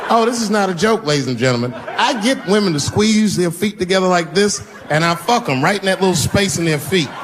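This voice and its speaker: A man doing stand-up comedy on stage, telling a long profane story and jumping his pitch around whenever he quotes someone. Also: expressive, fairly quick, few pauses, background noise. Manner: profane, storytelling, big pitch jumps when quoting people. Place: on stage before a live audience.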